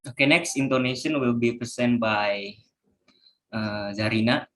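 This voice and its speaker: A man's voice: medium pitch, a little slow, a bit bright, poor audio. A young man reading a class presentation aloud from his notes, stumbling over technical terms. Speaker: student presenter.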